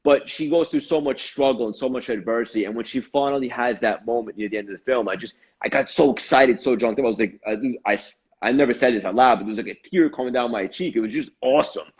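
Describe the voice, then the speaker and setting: A man's voice: mid-range voice, quick pace, hardly any pauses. A man hosting a podcast interview, effusive and encouraging toward his guest. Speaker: podcast host. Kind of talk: casual interview chat. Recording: slightly dull, lo-fi sound.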